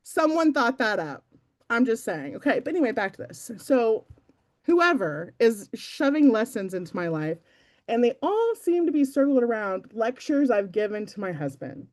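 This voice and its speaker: A woman's voice: fairly high pitch, darkish tone. A young adult woman giving a casual, chatty motivational talk to her team, self-deprecating and full of fillers. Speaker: team meeting speaker.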